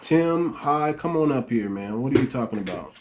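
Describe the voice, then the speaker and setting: A man's voice: medium pitch, expressive, normal speed, slight background noise. A man talking on a livestream as a relationship coach and host, blunt and direct, often restarting his sentences and repeating words. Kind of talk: casual livestream talk.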